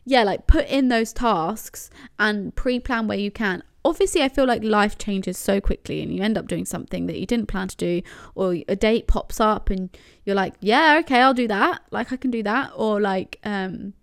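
A woman's voice: mid-range voice, moderate pace, creaky, smooth. A young woman chatting casually through organising tips in a rambling, self-deprecating way. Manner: rambling, self-deprecating, full of fillers like "do you know what I mean". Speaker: lifestyle vlogger. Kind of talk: casual chatty advice vlog.

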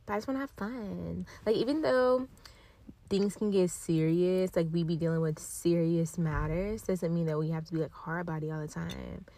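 A woman in her twenties hosting a casual solo podcast, rambling along in a laid-back, giggly way while high, recorded on a built-in device mic instead of her proper one. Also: steady tone, normal speed, mellow. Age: 20s. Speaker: podcast host.

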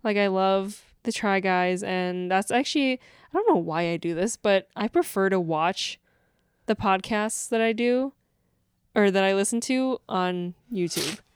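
Smooth-voiced woman in casual chat. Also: medium pitch, animated, unhurried, no echo, studio quality. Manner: chatty, meandering. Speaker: podcast co-host.

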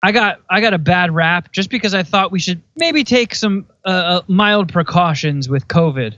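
Slightly high-voiced joking man. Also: expressive, moderate pace, fairly bright tone, dry recording, highs cut off. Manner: crude jokey storytelling, frequent laughter. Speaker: guest radio personality. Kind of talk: casual chat.

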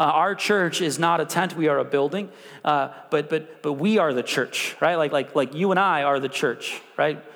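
Preaching male pastor in a reverberant hall. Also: on the high side. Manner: animated preaching with call-and-response. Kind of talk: sermon. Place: church sanctuary.

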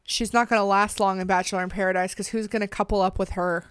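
A woman co-hosting a casual chat podcast, chatty and quick to laugh. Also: medium pitch, clean tone, dry recording, studio quality. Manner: chatty, laughs often, animated. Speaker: podcast co-host. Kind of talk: casual chat recapping a reality show.

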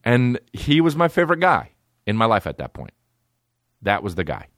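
A man hosting a comedy podcast, telling crude stories full of swearing and breaking into squeaky character voices. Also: moderate pace, dry recording, studio quality. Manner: profane, animated, jumps into high-pitched character voices. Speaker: podcast host.

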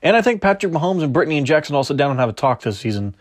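A man's voice: a little high, very animated, racing. A man hosting a casual sports podcast, opinionated and arguing back and forth with himself. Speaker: podcast host.

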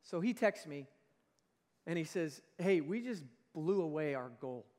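A man's voice: a little high, animated, unhurried, darkish tone. A man preaching a sermon as pastor, emphatic, swelling and easing in force. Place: church sanctuary. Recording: long reverb of a large church hall.

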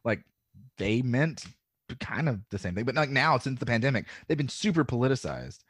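A man's voice: mid-range voice, big pitch swings, normal speed, a bit bright, slightly rough, dry recording, studio quality. A man from the American South with a faint Southern drawl, talking as a podcast guest in a rambling, filler-heavy way and swearing freely. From Southern United States. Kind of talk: casual podcast chat.

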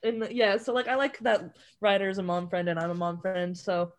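A woman's voice: medium pitch, flat delivery, moderate pace. A woman who is a voice actor, chatting casually and filling her talk with "like". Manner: chatty, many fillers like "like". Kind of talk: casual group chat.

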